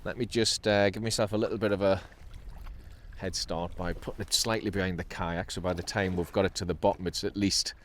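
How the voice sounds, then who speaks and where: Narrating his sea fishing from a kayak, a middle-aged channel host with a Geordie accent from North East England sounds cheerful and chatty, laughing and exclaiming as he goes. His low voice is a little fast with fairly even intonation, and there is slight background noise.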